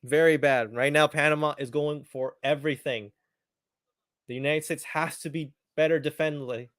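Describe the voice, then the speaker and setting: A man's voice: fairly high pitch, steady tone, normal speed, a bit bright, no echo, studio quality. A man hosting a live football watchalong, reacting eagerly and chatting casually, often repeating his phrases. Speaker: watchalong host. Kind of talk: live match commentary watchalong.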